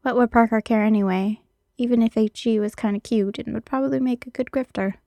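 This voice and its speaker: A woman narrating a piece of fan fiction with steady storytelling. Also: on the high side, brisk, no room sound. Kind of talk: reading fan fiction aloud.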